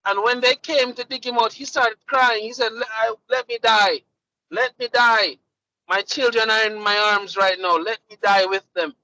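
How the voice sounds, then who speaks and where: A man's voice: high-pitched, no room sound, rough recording. A man co-hosting a casual group podcast, telling stories animatedly and acting out what people said. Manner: animated storytelling with lively voiced quotes. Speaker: podcast co-host.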